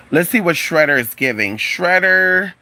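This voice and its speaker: A spiritual advisor chatting casually on a livestream, animated and profane, calling viewers "honey" and "y'all", with sudden high exclamations.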